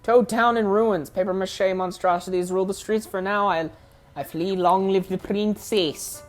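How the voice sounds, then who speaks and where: A woman's voice: mid-range voice, steady tone, normal speed, soft background music, natural voice. A woman putting on a toad with a mock Russian accent. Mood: dramatic. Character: fleeing toad townsperson, small and dramatic.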